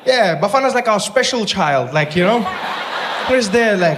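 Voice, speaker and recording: A man from South Africa with a South African accent, doing animated, mock-indignant stand-up comedy. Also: high-pitched, moderate pace. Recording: noisy live stage recording.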